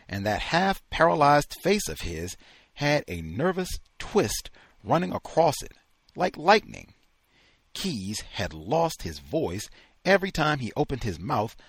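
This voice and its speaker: Husky man reading a novel with wide expression. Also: mid-range voice, dry recording. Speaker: host reading a novel aloud. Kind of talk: book reading in a study session.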